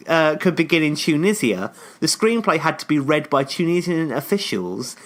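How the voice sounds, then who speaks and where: A man's voice: a little high, big pitch swings, normal speed, hardly any pauses, fairly bright tone. A British man co-hosting a podcast, talking in a rambling, chatty way with lots of fillers. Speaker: podcast co-host. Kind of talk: casual podcast chat.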